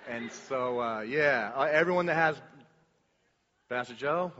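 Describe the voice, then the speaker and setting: A man telling a personal story to a congregation, rambling and animated, with many restarts and fillers, acting out the lines he quotes. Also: medium pitch, measured pace. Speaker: church speaker sharing a testimony. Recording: dull recording with long hall reverb.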